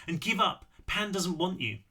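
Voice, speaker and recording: A man doing a gruff, bossy bully. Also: high-pitched, big pitch swings, normal speed, pushed and bright, heavily acted. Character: big bullying young man, grumbling.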